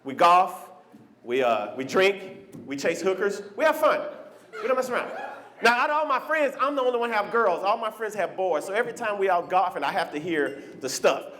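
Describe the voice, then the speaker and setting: A man doing animated stand-up comedy on a club stage, teasing the crowd. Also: high-pitched, normal speed.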